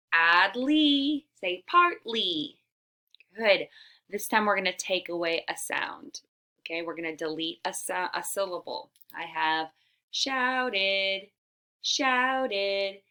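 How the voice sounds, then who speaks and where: A woman teacher leading a reading lesson for young children, stretching her words clearly and often dropping to a whisper. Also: mid-range voice, bright, forceful tone. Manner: slow, drawn-out, over-enunciated words.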